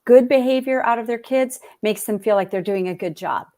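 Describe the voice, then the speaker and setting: A woman's voice: on the high side, a little fast, a little mellow. A woman author speaking in an interview, reflective and repeating phrases for emphasis. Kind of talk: conversational interview.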